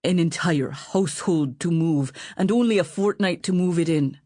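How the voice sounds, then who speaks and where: A woman voicing a gruff, sardonic male butler, blunt and scolding. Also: on the low side, moderate pace, dark tone, dry recording, clean studio sound, lightly acted.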